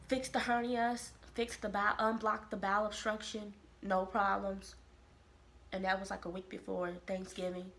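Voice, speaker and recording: A woman from Kansas City, telling a personal story to camera in a lively, expressive way. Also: mid-range voice, gravelly, a little hiss or hum. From Kansas City, Missouri. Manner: animated, expressive storytelling with quoted voices. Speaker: vlogger. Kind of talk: casual storytelling.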